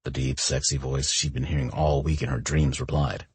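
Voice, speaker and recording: A male audiobook narrator with a low, very breathy and husky voice. His reading is expressive, with wide, lively swings in pitch. The recording is close and dry. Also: moderate pace, dry recording.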